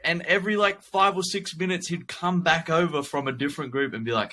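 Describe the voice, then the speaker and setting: A man with a New Zealand accent in casual podcast chat, animated and profane. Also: fairly high pitch, fairly quick, few pauses, slight background noise. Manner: animated, profane, laughing along. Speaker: podcast co-host.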